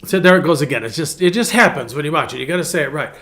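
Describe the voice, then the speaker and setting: A man pastor gives a loose, chatty devotional talk, drifting through his thoughts with restarts and hesitations. His voice sits a little higher than most men's. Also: expressive, rapid-fire, bright, forceful tone. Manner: rambling, conversational, frequent ums and restarts.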